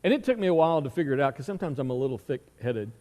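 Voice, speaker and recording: A man's voice: medium pitch, expressive, rapid-fire, darkish tone. Male pastor preaching in a reverberant hall. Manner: conversational storytelling with rhetorical questions. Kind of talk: sermon. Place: church sanctuary.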